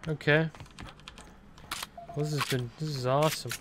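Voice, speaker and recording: Excitable man commentating a video game. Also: on the high side, normal speed, background noise. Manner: chatty, excitable, laughs along with the game. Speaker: gameplay commentator. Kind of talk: casual gameplay commentary.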